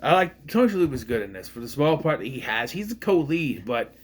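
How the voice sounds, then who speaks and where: A man's voice: medium pitch, very animated, brisk. A man in his thirties giving a casual, rambling movie review, retelling scenes and acting out the characters' lines.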